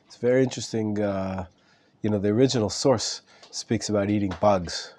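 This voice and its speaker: A man with a lowish, mellow voice leads a live class as its rabbi, talking in a relaxed and chatty way and slipping in a joke now and then. He is getting over an illness, so his voice is not at full strength. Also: normal speed, slight background noise. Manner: relaxed, chatty, joking with students. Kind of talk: casual live class, answering questions.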